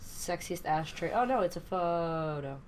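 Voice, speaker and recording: A woman's voice: fairly low pitch, expressive, measured pace. A woman gaming streamer giving sarcastic, profane commentary while playing a horror game and shrieking at the scares. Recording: noisy home recording.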